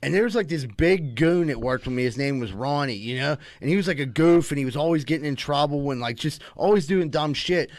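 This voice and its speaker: A young man spins a crude story in casual chat, rambling and animated, leaning hard on filler words. His voice sits a little high for a man, and the close mic leaves it dry with no room sound. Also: fairly quick, hardly any pauses, no echo.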